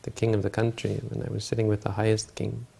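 A man voicing a calm, patient disciple. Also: lowish voice, fast talker, gravelly, husky, exaggerated voice. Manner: patient, plain-spoken. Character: calm, unshakable male lay disciple.

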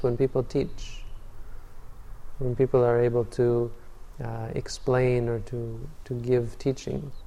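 A man giving a Buddhist dharma talk as a meditation teacher, telling stories calmly and often restarting or repeating words. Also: mid-range voice. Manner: calm storytelling, frequent restarts and repeated words. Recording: long reverb hall.

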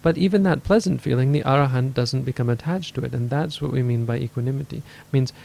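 A man's voice: medium pitch, fast talker, gravelly, warm tone. A man giving a meditation talk, thinking aloud, correcting himself and acting out people's inner voices. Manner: thoughtful, self-correcting, acts out inner voices. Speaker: meditation teacher. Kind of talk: dharma talk answering questions.

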